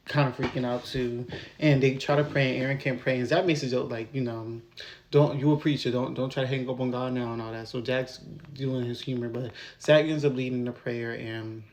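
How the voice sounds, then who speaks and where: A man casually recapping and reviewing a TV episode, rambling with lots of fillers and getting animated when he vents. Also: medium pitch.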